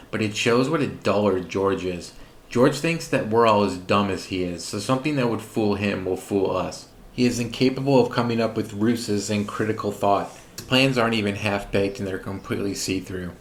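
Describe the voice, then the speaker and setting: Man, commentary host, scripted narration, sarcastic, deeper voice. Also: a little hiss or hum. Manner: sarcastic, mocking.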